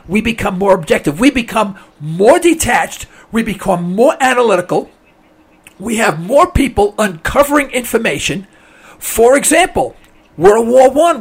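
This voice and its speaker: His voice sits high as the man runs a call-in radio show, opining emphatically and speaking to his listeners as folks. At one point his voice gives out and he clears his throat.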